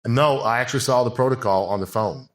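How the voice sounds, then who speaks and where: A man's voice: medium pitch, fast. A man talking as a podcast guest, telling a frank, rambling story full of fillers and restarts. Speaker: podcast guest, bodybuilding coach. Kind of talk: casual interview talk.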